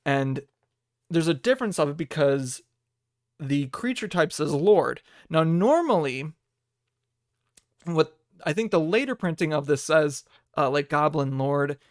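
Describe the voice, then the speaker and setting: Chatty man with a slightly high voice. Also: lively intonation, unhurried, no room sound, studio quality. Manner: loose and digressive, laughing often; thinks aloud while looking things up. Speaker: livestream podcast host. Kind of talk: casual rambling live-stream chat.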